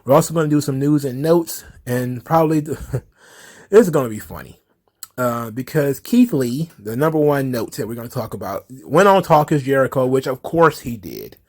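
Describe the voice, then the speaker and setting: This man speaks at medium pitch and a normal speed. Hosting his wrestling commentary podcast, he's animated and casual, with plenty of profanity and frequent laughter.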